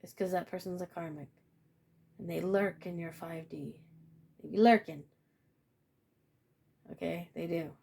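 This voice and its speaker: A woman's voice: lowish voice, fairly even intonation, measured pace, vocal fry, pauses often, dark tone, a little hiss or hum. A woman giving a casual spiritual reading to camera, blunt and profane, repeating phrases and laughing often. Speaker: tarot reader.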